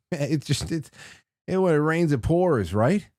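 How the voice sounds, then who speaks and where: A man's voice: fairly high pitch, lively intonation, slow, darkish tone, dry recording, studio quality. A man hosting a casual call-in talk show, rambling with frequent restarts and chuckles. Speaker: radio call-in host.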